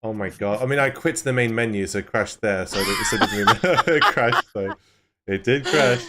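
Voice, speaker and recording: A man's voice: medium pitch, wildly swooping pitch, moderate pace, bright, forceful tone, slight background noise. A man with an Australian accent streaming a game, talking casually with stammers and frequent laughter. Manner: rambling, stammering, laughs often. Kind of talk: casual gaming chat.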